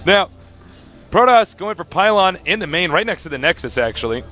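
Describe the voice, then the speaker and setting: A man casting a live video game match with excitable, laugh-prone commentary. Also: high-pitched, moderate pace. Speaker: esports caster.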